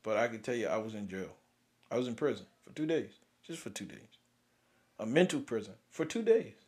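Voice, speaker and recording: A young man, hosting and venting about grief in a raw, profane way, swinging from loud outbursts to near-whispers. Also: mid-range voice, animated, fairly quick. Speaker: podcast host. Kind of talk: emotional personal venting.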